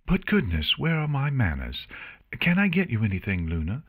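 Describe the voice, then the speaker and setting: A man's voice: mid-range voice, huge pitch swings, moderate pace, slightly rough, pitched above the performer's own voice, heavily acted. A man voicing a polite, gracious young pony mare hosting guests in a storybook reading. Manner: polite, warm.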